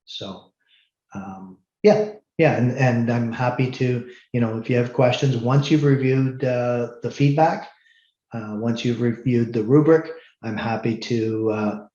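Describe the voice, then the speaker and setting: A man's voice: medium pitch, unhurried, warm tone. A middle-aged man, a university instructor holding office hours, talking bluntly and firmly with many ums and restarts. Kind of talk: online office hours talk to students. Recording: roomy, slightly dull sound.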